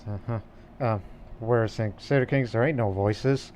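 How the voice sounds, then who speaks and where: A man co-hosting a casual podcast, speaking hesitantly and filling pauses with many ums. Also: medium pitch, a little mellow, slight background noise. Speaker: podcast co-host.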